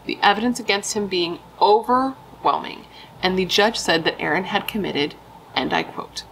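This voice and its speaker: A woman's voice: mid-range voice, normal speed, creaky, a bit bright, slight background noise, low-quality recording. A young woman casually telling a true crime story, emphatic and chatty, swearing and saying dude and like.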